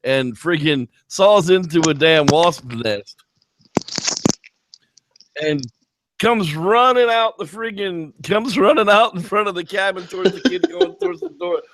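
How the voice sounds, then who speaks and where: Animated man retelling a movie. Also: high voice, a little slow, background noise. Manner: animated retelling, squeals when quoting characters. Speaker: podcast co-host. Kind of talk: casual movie review chat.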